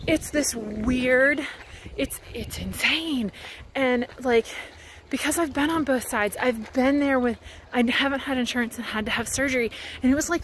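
A woman with a fairly high voice chats into her phone as she walks outdoors. She rambles in a casual way, grows heated, and leans on filler words. A faint outdoor hum runs behind her voice. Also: fairly bright tone. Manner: chatty, rambling, heated, lots of "like". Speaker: vlogger. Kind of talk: casual vlog chat while walking. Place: outdoors, walking.

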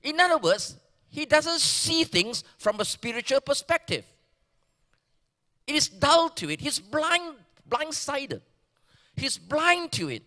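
A pastor with a Malaysian English accent preaching a sermon, swinging between emphatic bursts and hushed near-whispers. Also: male voice, extremely high pitch, sing-song, slow. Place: large church hall. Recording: church hall reverb.

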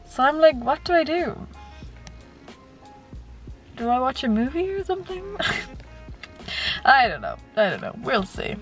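A woman's voice: high voice, sing-song, a little slow, long pauses, soft background music. A young woman in her twenties, chatting casually to the camera in a rambling way, full of "like"s. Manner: rambling, says "like" a lot. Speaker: vlogger.

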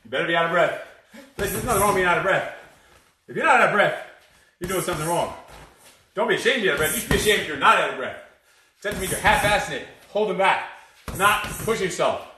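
Pumped-up, profane boxing coach calling counts. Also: male voice, high-pitched, lively intonation, fast, long pauses, roomy sound, distant mic, noisy background. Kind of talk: live-streamed workout coaching.

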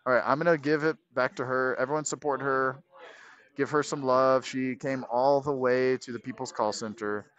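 A man chatting on a livestream, excited and repeating himself. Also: mid-range voice, moderate pace. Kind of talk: casual livestream chat. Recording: muffled lo-fi stream audio.

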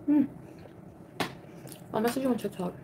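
A woman's voice: a little high, moderate pace, background noise. A young woman chatting casually with viewers on a livestream while eating, greeting people by name and talking between bites. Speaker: livestream host.

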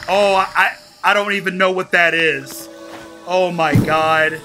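A man playing a video game and commenting excitedly, talking to himself as he goes. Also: high-pitched, unhurried, music in the background. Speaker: gaming YouTuber. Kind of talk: let's play commentary.

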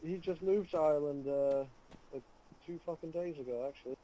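A man's voice: on the high side, fairly quick, warm tone, rough recording. A man from Canada chatting hesitantly in an online game, with plenty of fillers. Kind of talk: casual in-game chat.

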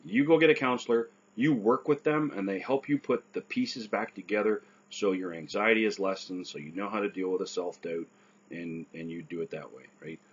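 A man with a husky, fairly low voice talks earnestly about getting back to work, often asking "right?" as he goes. The recording is dull and lo-fi. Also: normal speed. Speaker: stroke survivor giving advice. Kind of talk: casual advice talk.

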